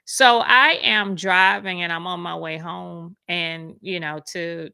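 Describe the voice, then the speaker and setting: A woman casually telling a personal story, animated and acting out the voices of the people in it. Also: slow, creaky, clear, resonant tone, no room sound. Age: adult with school-age kids. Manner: animated, acts out quoted voices with big pitch jumps. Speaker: speaker sharing a personal testimony.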